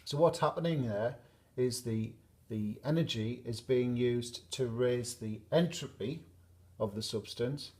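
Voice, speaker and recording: A man teaching a chemistry lesson at a whiteboard, explaining steadily and pausing to draw graphs. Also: medium pitch, a little mellow.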